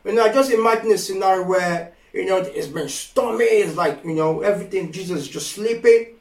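A man preaching a sermon, slow and emphatic, repeating phrases and rising to impassioned pleas. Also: high-pitched. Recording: echoey room from far off.

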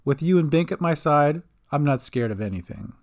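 A man's voice: a little high, expressive, brisk, natural voice. A man voicing an earnest, protective young adventurer in an audio story, slightly raised above his own voice. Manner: earnest, urgent when giving orders.

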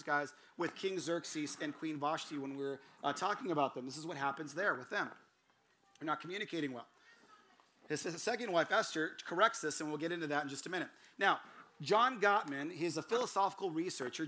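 A man's voice: fairly high pitch, pushed and bright. A gregarious, outgoing man preaching a sermon series, telling stories and acting out the voices of the people in them. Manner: storytelling, acts out quoted voices.

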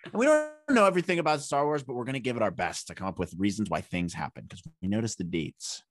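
A man co-hosting a podcast in casual chat, joking and animated, often laughing and jumping his pitch up for emphasis. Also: quick pace, dry recording, clean studio sound. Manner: joking, animated, jumps into silly voices and laughs. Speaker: podcast co-host.

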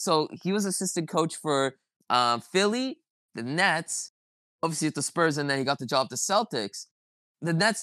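A podcast host with a fairly high pitch and a fairly bright tone, recorded dry, rants about basketball. His casual sports chat is heated, profane and rambling.

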